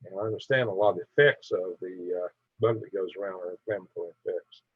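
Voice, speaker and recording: A man's voice: deep voice, fast talker, slightly rough, no room sound, narrow, tinny audio. A middle-aged man hosting a casual live stream, reading viewer comments aloud in a chatty, tired way. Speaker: livestream host.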